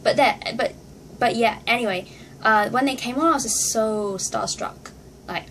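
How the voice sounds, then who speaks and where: A woman with a somewhat high voice tells a story straight to camera. She talks casually and excitedly, jumping into squeals and laughter as she acts out how she reacted. Faint noise sits under her voice. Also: moderate pace. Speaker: vlogger.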